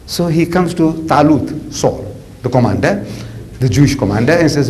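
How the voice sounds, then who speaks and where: A man's voice: fairly high pitch, expressive, normal speed, darkish tone, poor audio. A man in his seventies with a South African accent, preaching in a colloquial, theatrical storytelling style, sprinkling in "man" and "you know". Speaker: Islamic preacher. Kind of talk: animated storytelling lecture.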